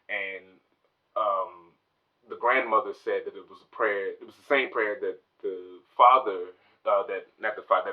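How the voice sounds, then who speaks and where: Rambling man recapping a TV show. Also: on the low side. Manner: rambling, many restarts, acts out quotes. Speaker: TV review YouTuber. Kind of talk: casual spoiler recap. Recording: dull, distant lo-fi mic.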